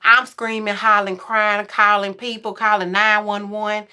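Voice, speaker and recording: Lady guest on a podcast telling her story, really lively, jumps up loud for the quotes, sharp bright voice. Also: moderate pace, smooth. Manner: animated, acts out quotes in a louder, higher voice. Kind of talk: casual storytelling chat.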